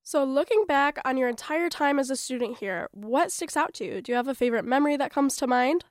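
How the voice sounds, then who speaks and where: Woman radio host, high voice, brief plain interview questions, dry close mic. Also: animated, a little fast, no room sound.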